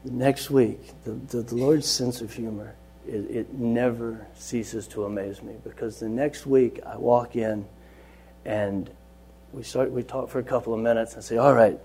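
Husky-voiced man telling a faith story. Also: mid-range voice, unhurried. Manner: earnest storytelling, swings from soft to loud and lively. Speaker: Bible study leader at a juvenile center. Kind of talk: personal faith testimony.

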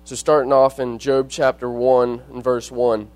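A man giving a short devotion to a congregation, talking in a folksy, relaxed way with fillers. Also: medium pitch, normal speed, rough recording. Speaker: lay preacher giving a devotion. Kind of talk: sermon.

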